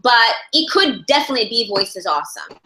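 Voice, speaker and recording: Bright-voiced woman teaching in an echoey room. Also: fairly high pitch, big pitch swings, fairly quick, slight background noise. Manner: thoughtful, searching for words, many restarts. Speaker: ASL interpreting instructor. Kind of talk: teaching a live class. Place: classroom.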